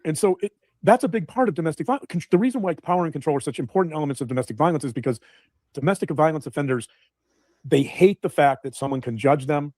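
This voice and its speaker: A man on a podcast lays out a psychological idea in a lecturing tone, stumbling and restarting as he goes. He talks very fast in a fairly high voice, and the sound is close and dry. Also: lively intonation, dark tone, no room sound. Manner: lecturing, repeats and restarts words. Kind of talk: explanatory podcast talk.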